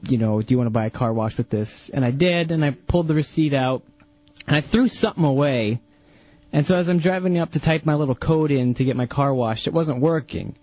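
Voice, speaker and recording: A man's voice: mid-range voice, darkish tone. A man on a radio show casually telling a story and teasing his co-host. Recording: dull lo-fi radio broadcast.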